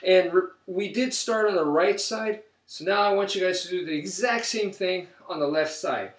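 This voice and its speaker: A man leads a stick-fighting drill and counts each strike aloud as he moves. His voice sits a little high and comes from well back of the camera. The room around him is roomy and echoing. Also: moderate pace. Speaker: martial arts instructor. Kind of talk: instructional demonstration. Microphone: camera mic from a distance. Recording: roomy, distant camera audio.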